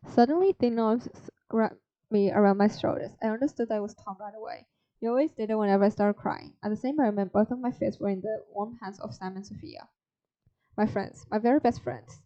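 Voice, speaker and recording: A woman's voice: medium pitch, brisk, dark tone. A young woman streamer reading a story game's text aloud, breaking in with blunt, swearing asides. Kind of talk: reading a visual novel aloud with commentary. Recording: slightly dull stream audio with faint music.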